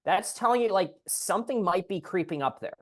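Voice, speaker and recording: Animated male physical therapist coaching. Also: high-pitched, a little fast. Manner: animated, acts out client voices. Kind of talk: coaching call advice.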